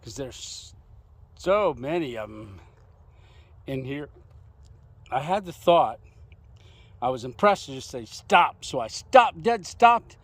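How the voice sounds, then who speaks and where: A man's voice: medium pitch, sing-song, takes it slowly, long pauses. A man talking to his camera while hiking outdoors in desert hills, chatty and laughing often. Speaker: travel vlogger. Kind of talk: casual vlog commentary while hiking.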